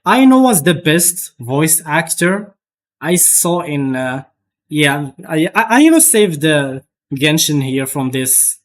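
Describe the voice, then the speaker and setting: A man's voice: on the high side, very animated, takes it slowly. A young man streaming live, chatting casually and rambling, with lots of restarts and swearing.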